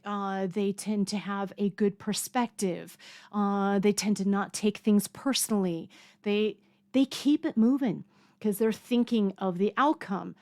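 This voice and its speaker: A woman's voice: mid-range voice, darkish tone. Chatty woman teaching with lots of fillers. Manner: chatty, lots of fillers, acts out panicked voices for fun. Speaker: health coach. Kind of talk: casual educational talk. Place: home near a mountain lake.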